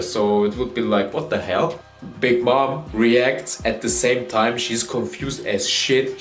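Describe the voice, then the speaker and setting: Man, animated manga reviewer, swears freely, acts out character lines, echoey room, faint music behind. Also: medium pitch. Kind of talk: excited casual chapter review.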